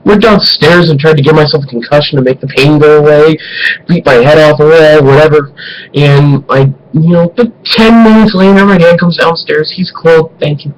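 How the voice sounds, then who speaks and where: A man telling an embarrassing personal story to camera in an animated, profane way, swinging between loud and hushed. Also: fairly high pitch, normal speed, a little hiss or hum, low-quality recording. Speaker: vlogger.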